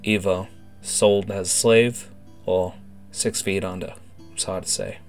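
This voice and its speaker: Guy playing a shifty undercover gangster, low and hushed, slangy, faint guitar behind. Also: fairly even intonation, a little slow, creaky. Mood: grim. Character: shady male undercover gang member, secretive.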